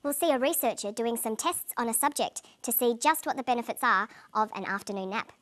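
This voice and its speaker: A woman with a slightly high voice narrates a scripted English lesson. She explains each point clearly and plainly. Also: lively intonation, a little fast, a bit bright. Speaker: English teacher.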